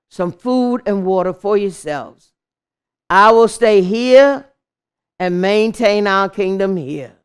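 A woman voicing a male lion king in a children's story, speaking in a calm, earnest, gently urging way. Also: medium pitch, smooth, close to an everyday voice.

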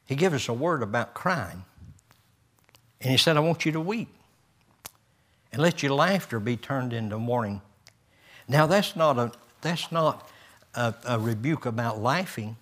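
A man's voice: mid-range voice, animated, measured pace, a bit bright, breathy edge. An older man, a pastor preaching a folksy sermon with homespun stories, chuckles and rising emphasis.

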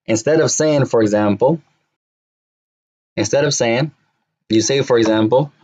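Slow, drilling male Arabic teacher. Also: mid-range voice, darkish tone, dull audio. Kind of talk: classroom lesson.

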